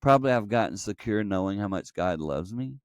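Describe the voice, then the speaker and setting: A man's voice: on the low side, expressive, brisk, clean tone, no echo, studio quality. A middle-aged man telling a personal story earnestly, acting out quoted dialogue, as a podcast guest. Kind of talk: conversational storytelling.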